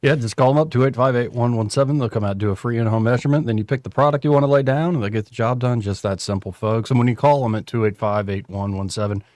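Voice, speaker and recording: A man's voice: medium pitch, fast talker, hardly any pauses, dry recording. A man hosting a radio talk show, ribbing his co-host in casual banter. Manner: teasing, animated ribbing with playful mock voices.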